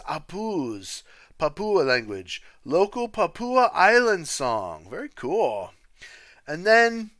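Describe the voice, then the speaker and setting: A man's voice: high voice, fairly bright tone, clear, resonant tone, no room sound. A man hosting a music livestream, reading out viewer comments in an upbeat, chatty way and thanking people often. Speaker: livestream host and music teacher.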